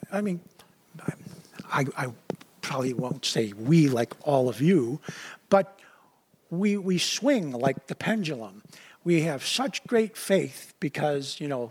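A man's voice: high-pitched, breathy edge. A man preaching a sermon in a loose, conversational way, full of asides and restarts.

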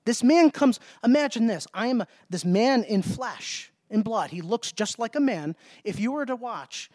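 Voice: mid-range voice, expressive, moderate pace, a little mellow, no room sound. A preacher giving a sermon, speaking emphatically, asking rhetorical questions and repeating words.

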